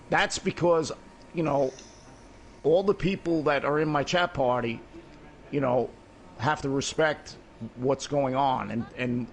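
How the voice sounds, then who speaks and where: A man's voice: fairly high pitch, a little hiss or hum. A middle-aged man in casual voice chat while gaming, rambling and swearing, peppering his talk with "you know what I mean". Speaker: gamer in voice chat.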